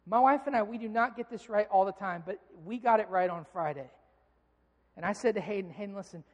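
A man's voice: high-pitched, brisk. A man in his thirties preaching a sermon to a congregation, earnest and direct, acting out stories with rising heat. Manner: earnest, builds to animated acted-out anger in stories. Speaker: pastor. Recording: long reverb of a large hall.

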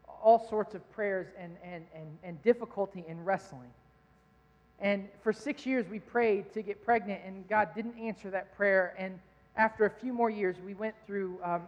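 Earnest male pastor preaching in a hall. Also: sits high. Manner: earnest, emotional storytelling with many restarts. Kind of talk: sermon. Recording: dull sound in a hall with long reverb.

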